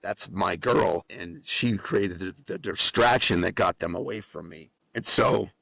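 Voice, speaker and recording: A man from New Mexico, a guest author and musician, telling an animated story on a podcast with a lot of swearing. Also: low voice, unhurried, gravelly, dry recording. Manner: animated storyteller with frequent profanity. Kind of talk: casual storytelling.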